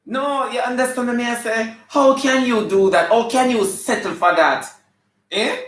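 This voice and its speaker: At a live show venue, a high-pitched Jamaican man riffs through comedy banter, sassy and flamboyant, scolding his audience like a preacher. His voice is a bit bright and his pace measured, ringing around an echoey room.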